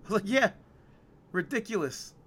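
A New man tells a venue story on his podcast, his voice sitting a little high. He acts out both sides of the argument and grows more and more irritated. It is a casual, chatty retelling. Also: moderate pace, breathy edge. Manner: animated, exasperated retelling with quoted dialogue. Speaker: podcast co-host.

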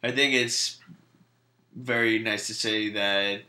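A man's voice: fairly low pitch, steady tone, takes it slowly, sharp tone, echoey room. A man co-hosting a podcast in casual chat, earnest and curious as he weighs rumors and pokes at his co-host.

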